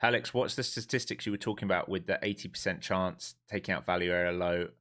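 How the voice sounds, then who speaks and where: A man's voice: low voice, quick pace, bright, forceful tone. Blunt, swearing male trading streamer. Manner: blunt, swears freely, asks and answers his own questions; wound up and emphatic. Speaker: live-streaming day trader. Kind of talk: live trading stream commentary.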